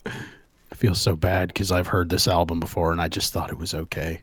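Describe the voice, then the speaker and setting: A man's voice: low-pitched, moderate pace, slightly rough, no echo. A man co-hosting a casual radio show, joking and swearing freely as he talks into a studio mic. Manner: joking, profane, animated. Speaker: radio co-host.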